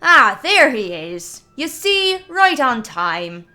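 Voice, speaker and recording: Lady putting on a big scarred northern fighter guy, slow drawl, jokey and friendly, storybook read. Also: sits high, very animated, bright, forceful tone, voice pushed up, full character voice. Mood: hearty teasing. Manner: slow drawling commoner talk. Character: burly scarred northern warrior man, jovial teasing.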